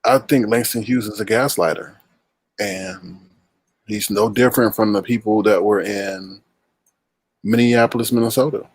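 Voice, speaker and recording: Teasing male host, husky and very dry sound, animated delivery. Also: fairly low pitch, moderate pace, no echo. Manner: playful, teasing, makes bird calls. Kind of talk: casual chat.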